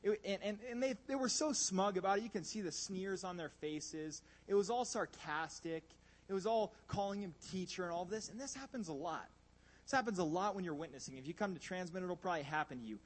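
A man delivers a sermon in an animated, emphatic style, shifting between loud outbursts and quiet asides. His voice is high-pitched and his pace fairly quick.

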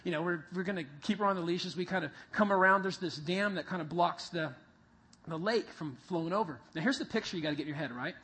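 A man preaching to a group, telling a vivid, animated story that builds toward a Bible lesson. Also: sits high, fast, slightly rough. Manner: animated storyteller, acts out voices and sounds. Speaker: youth pastor. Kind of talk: sermon with a told story. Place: meeting room with a live group.

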